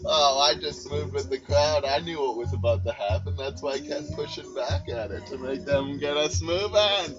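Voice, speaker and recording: A man's voice: mid-range voice, normal speed, hardly any pauses. A man hosting a casual chat, rambling through stories, swearing freely and ending his sentences with "eh". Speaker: host. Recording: dull lo-fi sound with loud music. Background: music playing.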